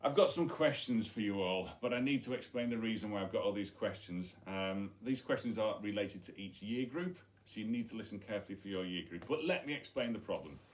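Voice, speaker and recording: A man's voice: lowish voice, expressive, brisk, few pauses, slight background noise. Man, middle-aged, head teacher, playful, chatty, school video message. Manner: playful, chatty, demonstrating with props. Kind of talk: school science week video message to pupils.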